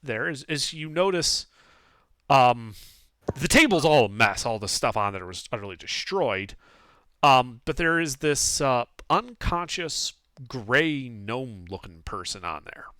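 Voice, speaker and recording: A man running a tabletop game as game master. He narrates with an animated, swinging pitch and a bright, forceful tone. He rambles with many fillers, and the close mic gives a dry sound. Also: unhurried, no room sound.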